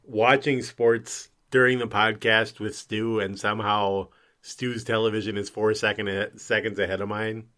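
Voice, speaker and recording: A man's voice: lowish voice, little pitch movement, moderate pace, bright, forceful tone. A man co-hosting a sports podcast, wry and self-deprecating. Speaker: podcast co-host. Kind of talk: casual sports banter.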